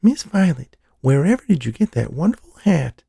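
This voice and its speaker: A man's voice: sing-song, normal speed, vocal fry, dark tone, husky, full character voice. A man voicing a six-year-old girl who plays at being grand ladies with put-on voices. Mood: playful. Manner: high sing-song play voices. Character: little girl, six, playful and eager.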